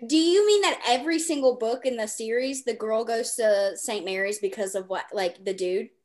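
Excitable, gushing woman podcast host. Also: fairly high pitch. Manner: excitable, gushing, fast bursts. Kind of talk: casual podcast chat.

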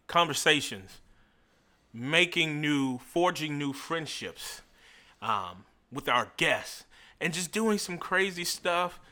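A man's voice: a little high, pushed and bright. A man co-hosting a podcast, talking in a playful, theatrical, self-mocking way. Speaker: podcast co-host. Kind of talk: casual comedic chat.

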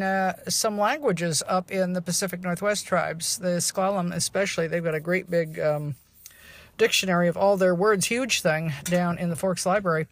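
A woman's voice: on the low side, dry recording. Rambling, blunt woman podcaster, dry close sound. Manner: rambling and chatty, with many fillers and blunt asides. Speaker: podcast host. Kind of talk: casual solo podcast monologue.

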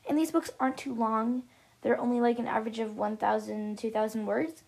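A woman with a fairly high voice reads aloud from a little storybook she wrote herself. She talks in a loose, chatty way, trips over words, backs up to fix them and drops in side comments to her listeners. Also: steady tone, brisk, gravelly, a little mellow, slightly rough. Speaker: storyteller reading her own book. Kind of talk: casual read-aloud of a self-written story.

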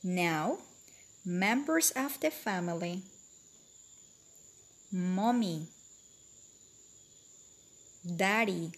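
A woman teaching a bilingual vocabulary lesson for children, speaking slowly, clearly and repetitively. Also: fairly low pitch, expressive.

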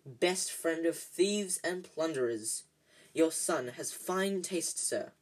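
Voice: mid-range voice, expressive, takes it slowly. A reader voicing an oily, fawning male shopkeeper who bows to a rich customer. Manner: oily, bowing and scraping.

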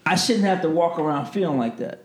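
A man with a somewhat high voice tells stories in a relaxed chat. He is animated and acts out the people he quotes. The room around him is echoey. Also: brisk. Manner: animated, swings between voices when quoting people. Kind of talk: casual storytelling chat.

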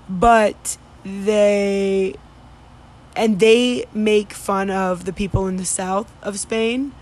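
Slow, rambling young woman. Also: medium pitch, fairly even intonation, darkish tone. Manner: rambling, many fillers and restarts, mimics Spanish street calls. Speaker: vlogger recounting study abroad. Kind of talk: casual storytelling.

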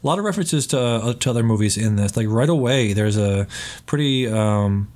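A man's voice: lowish voice, lively intonation, a little fast, darkish tone. A man co-hosting a podcast, chatting casually and rambling with many fillers, swearing and laughs. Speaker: podcast co-host. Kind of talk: casual chat.

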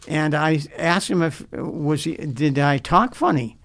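An older man who is a pastor, earnestly telling his life story in an interview, halting and repeating words as he remembers. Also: a little high, vocal fry, a bit bright. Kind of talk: personal storytelling in a faith interview.

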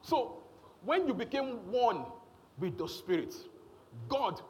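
A man's voice: very high-pitched, very animated, slow pace. A man preaching a sermon, emphatic and repetitive, often checking in with the congregation.

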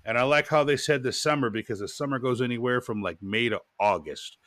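A man co-hosting a podcast in casual chat, animated and joking. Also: mid-range voice, brisk, no echo. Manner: animated, joking, laughs often. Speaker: podcast co-host.

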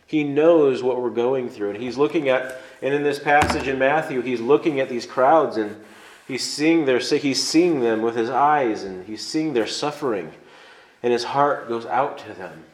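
Male preacher, mid pitch, earnest conversational sermon delivery, roomy echo. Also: unhurried. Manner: earnest, conversational, explains step by step.

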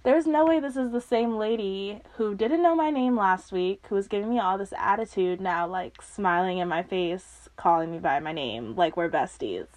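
A young woman in her twenties hosting a podcast, telling a personal story in a casual, animated way, often laughing and acting out what others said. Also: medium pitch, moderate pace, few pauses. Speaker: podcast host.

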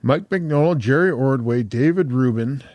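A man's voice: mid-range voice, darkish tone, no echo. A man hosting a podcast, retelling a myth in a loose, casual and profane way with restarts. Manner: loose, profane, halting with fillers. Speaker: podcast host. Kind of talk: casual storytelling chat.

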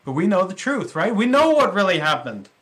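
A man's voice: high-pitched, sing-song, brisk, a bit bright. A male pastor preaching a sermon in a conversational way, with rhetorical questions and casual asides.

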